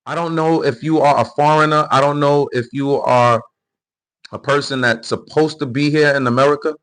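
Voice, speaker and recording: A man's voice: fairly high pitch, steady tone, moderate pace, a bit bright. A man hosting a live political commentary stream, talking heatedly and emphatically to his chat, with frequent repeated words and restarts. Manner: addresses chat readers directly, lecturing. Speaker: political commentary livestream host.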